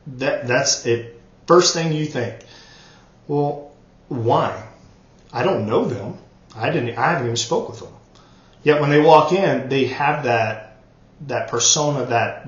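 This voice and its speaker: Man, earnest coaching talk, repeats himself for emphasis, roomy echo, dull lo-fi sound. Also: medium pitch. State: choked up, coughing. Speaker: network marketing trainer. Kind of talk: motivational training talk.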